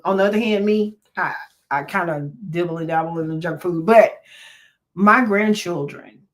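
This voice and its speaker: Slow-talking older woman, earnest and preachy. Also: on the low side. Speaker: podcast host and therapist. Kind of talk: unscripted motivational talk.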